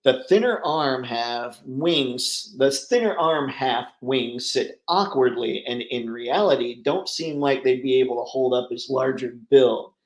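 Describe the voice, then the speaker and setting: A man's voice: mid-range voice, a little slow, hardly any pauses. Man, live stream host, casual rambling chat, mid-range voice, roomy echo. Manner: chatty, rambling, laughs easily. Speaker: livestream host. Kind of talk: casual live chat reading viewer comments.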